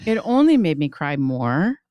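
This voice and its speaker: A woman co-hosting a chatty podcast, speaking in a rather low, smooth and resonant voice. She talks in an expressive, emotional way, given to soft gasps and exclamations. The sound is close and dry, with no room around it. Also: moderate pace, no echo. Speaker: podcast co-host. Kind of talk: casual podcast chat.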